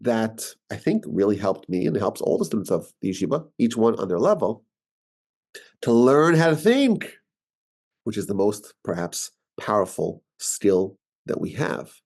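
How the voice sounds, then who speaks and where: A man's voice: fairly low pitch, very animated, measured pace, vocal fry, darkish tone. A man with a New York accent, a rabbi giving an informal, argumentative teaching talk and often repeating words as he thinks.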